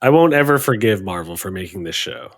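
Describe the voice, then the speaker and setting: Blunt, ranting man with lively pitch. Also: brisk, dry recording, studio quality. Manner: blunt, profane, exaggerated rants. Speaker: podcast co-host. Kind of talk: casual chat.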